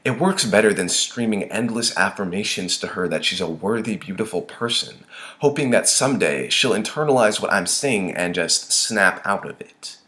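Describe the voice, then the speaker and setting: Low, animated young man reading a story. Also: moderate pace. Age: young adult. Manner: expressive, dramatic swings in tone. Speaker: author reading his own story.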